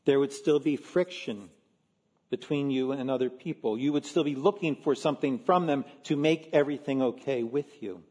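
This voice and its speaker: A man, a pastor from Philadelphia, preaching a sermon in an earnest, measured way with slow emphatic stresses. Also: mid-range voice, a little mellow, long reverb tail.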